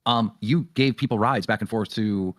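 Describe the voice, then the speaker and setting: Man, calm mediator, measured and hesitant, dry close sound. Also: fairly low pitch, no echo. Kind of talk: calm mediating on a livestream call.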